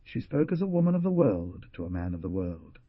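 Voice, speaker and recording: A man narrating an audiobook in a dramatic style, with a husky voice and lively delivery of the characters' lines. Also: low voice, brisk, dry recording. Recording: dull, muffled studio recording.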